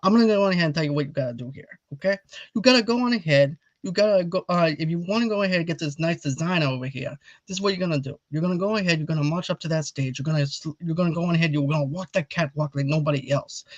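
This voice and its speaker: A man putting on a bossy, loud Italian-American man who keeps giving orders and repeating himself. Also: on the high side, quick pace, no echo, lightly acted. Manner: pushy, repeats "you gotta go on ahead". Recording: dull lo-fi audio.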